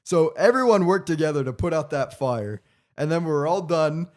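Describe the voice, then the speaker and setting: A young man co-hosting a podcast, telling a story with animated delivery and stumbling restarts. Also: fairly high pitch, moderate pace. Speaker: podcast co-host. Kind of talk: casual storytelling.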